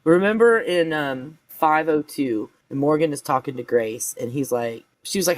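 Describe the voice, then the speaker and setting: A man co-hosting a podcast in casual chat, expressive and prone to laughing as he retells moments. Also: a little high, moderate pace, hardly any pauses, no echo. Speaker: podcast co-host.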